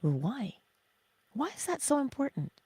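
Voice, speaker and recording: A middle-aged woman hosting a motivational livestream, speaking slowly and emphatically and often dropping to a breathy whisper. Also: high-pitched, sing-song, warm tone, dry recording. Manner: acts out her own self-talk in little voices. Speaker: livestream host.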